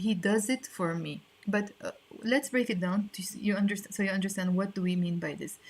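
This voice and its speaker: A woman teaching an online lesson, explaining patiently and repeating phrases slowly. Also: medium pitch. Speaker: language teacher.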